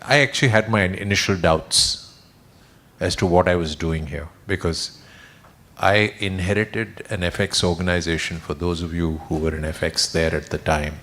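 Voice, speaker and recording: A man, a senior executive at his farewell, recalls his career in a relaxed, wry and self-deprecating way. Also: sits low, moderate pace. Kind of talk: reminiscing speech. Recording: online webinar audio.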